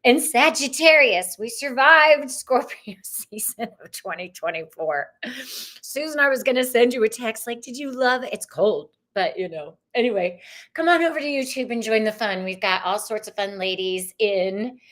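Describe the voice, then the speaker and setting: A woman's voice: fairly high pitch, animated, normal speed, a bit bright. A woman hosting a live-stream tarot and astrology show, chatting casually and bubbly, greeting viewers by name.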